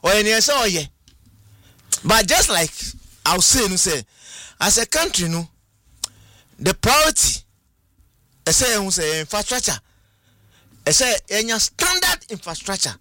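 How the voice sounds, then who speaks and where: A man's voice: high-pitched, big pitch swings, unhurried, long pauses, pushed and bright, no echo, clean studio sound. A man with a Ghanaian accent talking animatedly as a guest on a radio talk show, switching between Twi and English. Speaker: studio guest.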